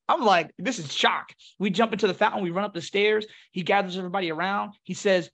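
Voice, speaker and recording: A man from North Philadelphia, a former Marine and podcast guest, telling stories in a casual, animated way and acting out the voices of people he quotes. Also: sits high, brisk. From North Philadelphia, USA. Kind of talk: casual storytelling.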